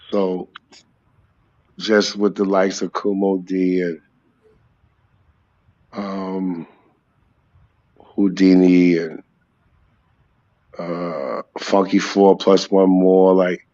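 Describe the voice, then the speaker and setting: Low-voiced New York rapper in a rambling interview chat, slightly muffled audio. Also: male voice, a little mellow. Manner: rambling, sings snatches of songs. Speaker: rapper guest.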